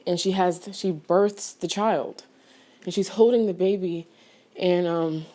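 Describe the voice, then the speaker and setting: A woman with a mellow, soft-edged voice rambles through a casual film review for her vlog. She piles on fillers and restarts and breaks into sudden outraged exclamations. She paces back and forth while she talks. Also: fairly low pitch, slow pace.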